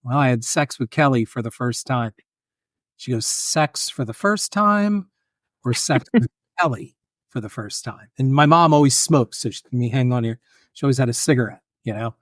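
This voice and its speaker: A man's voice: mid-range voice, fairly quick, no room sound, studio quality. A man telling funny personal stories as a podcast guest, acting out the other people in them. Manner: animated, acts out voices in anecdotes. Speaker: guest filmmaker and author. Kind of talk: casual storytelling.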